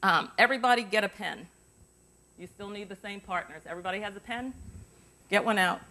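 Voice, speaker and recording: A middle-aged woman, a journalist, teaching an interview workshop to students through a lapel mic, chatty and lively, drawing the room in with questions. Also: medium pitch, brisk. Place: university forum hall. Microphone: lavalier.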